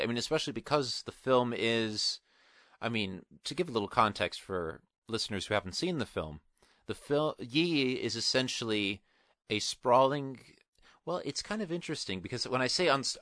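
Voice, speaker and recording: A man's voice: mid-range voice, a bit bright, dry recording, clean studio sound. A man co-hosting a film podcast, talking casually with many restarts and qualifiers. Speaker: podcast co-host.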